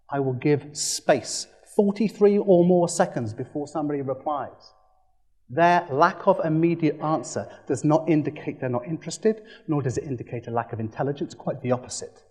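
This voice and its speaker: A man giving a lively training presentation, playful and animated, acting out quick quoted voices. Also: a little high. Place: presentation room.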